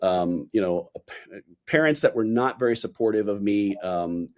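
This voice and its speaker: A man in his forties, a podcast guest, chatting casually and telling animated stories in which he acts out the voices he quotes. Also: fairly low pitch, normal speed. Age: 40s. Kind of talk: casual interview chat.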